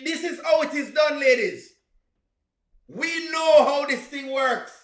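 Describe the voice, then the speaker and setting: A man's voice: extremely high pitch, slow, roomy sound. A man hosting a comedic reaction video, preachy and teasing, with punchy exclamations.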